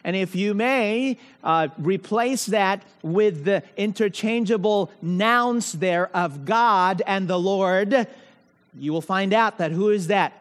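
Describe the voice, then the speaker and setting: A high-pitched male preacher delivers his sermon at an unhurried pace, dwelling on each key phrase. He keeps asking rhetorical questions and answering them himself. His voice carries a long reverb from the church hall.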